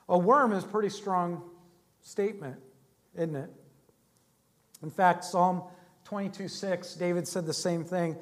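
High-voiced male pastor preaching. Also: fairly even intonation, a little slow. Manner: conversational storytelling, dynamic swings in loudness. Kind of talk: sermon.

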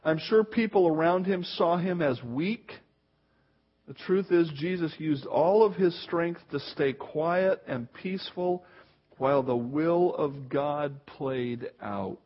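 A man's voice: on the high side, slow, husky, highs cut off. A man preaching a sermon, mixing scripture reading with casual storytelling. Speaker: pastor.

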